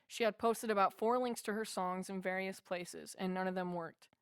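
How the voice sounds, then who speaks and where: A woman's voice: mid-range voice, steady tone, normal speed, smooth, no room sound, studio quality. A woman narrating a first-person memoir as an audiobook, in an earnest, heartfelt way.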